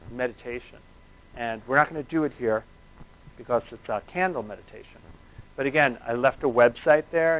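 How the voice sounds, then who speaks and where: Man telling stories over a tinny line. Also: medium pitch. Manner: rambling, conversational storytelling. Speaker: chiropractor giving a workshop talk. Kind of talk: anecdotal talk to a live audience. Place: talk before a live audience. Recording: tinny, phone-like narrow sound.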